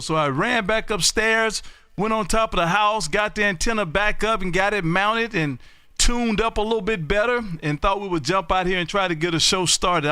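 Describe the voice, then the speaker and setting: A man hosting a ham radio show, calling CQ and chatting loudly and folksily with callers. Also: sits high, smooth, no room sound. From Texas. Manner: loud, folksy, drawn-out exclamations. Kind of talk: casual on-air radio chat.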